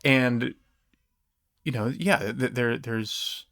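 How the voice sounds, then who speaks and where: A man co-hosting a casual church podcast, talking in halting bursts with many restarts. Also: mid-range voice, gravelly, a bit bright, no echo, studio quality.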